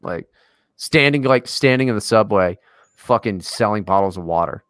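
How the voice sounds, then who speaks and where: A man's voice: fairly low pitch, normal speed, smooth, no room sound. A man co-hosting a podcast in casual chat, ranting and swearing with lots of energy. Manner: profane, ranting, animated. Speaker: podcast co-host.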